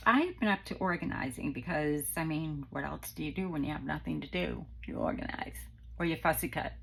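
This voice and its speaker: A woman's voice: low-pitched, expressive, a little fast, creaky, a bit bright, breathy edge, low-quality recording. A middle-aged woman, chatting casually and rambling with many ums as she hosts her craft channel. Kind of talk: casual chat to viewers.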